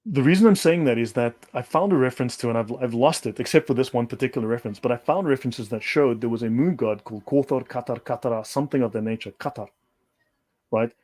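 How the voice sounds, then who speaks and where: A man's voice: medium pitch, fast, a little mellow. A man holds forth as a livestream guest, pressing each point with emphasis and circling back to restate it. His voice sits in an ordinary middle register. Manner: lecturing, emphatic, repeats points. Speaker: guest speaker. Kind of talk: livestream discussion.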